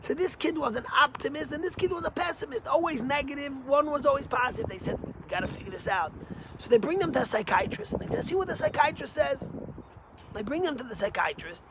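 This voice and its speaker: A man, a rabbi, giving a short Torah lesson through stories, animated and emphatic with big swings in pitch and loudness. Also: fast talker, noisy background. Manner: energetic, emphatic.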